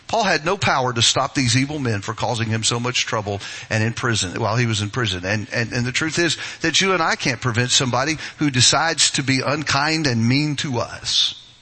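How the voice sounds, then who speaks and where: A middle-aged man preaching a sermon as pastor, emphatic and rising to forceful, high-pitched stresses. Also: very animated, a little fast, breathy edge.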